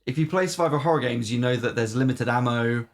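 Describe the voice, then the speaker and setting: A mid-range male voice, talking fast: a podcast co-host in a relaxed game-review chat. He rambles, says "um" a lot, and swears casually from time to time.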